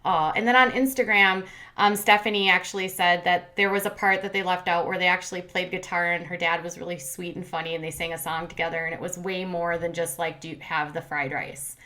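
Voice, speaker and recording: Woman, commentary host, casual recap chat, bright voice, chatty with fillers. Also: on the low side, steady tone, a little fast. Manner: chatty, lots of fillers and retold quotes.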